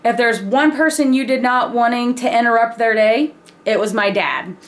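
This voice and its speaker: A woman telling a personal story in a casual, animated way, laughing and swearing freely. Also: on the high side, normal speed. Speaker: vlogger.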